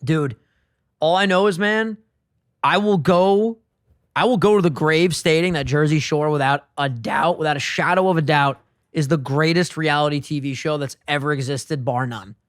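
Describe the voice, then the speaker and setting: A man co-hosting a podcast, telling a story in a casual chat, animated and swearing a lot. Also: on the high side, normal speed, dry recording, studio quality. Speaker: podcast co-host. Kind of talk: casual chat, retelling a TV scene.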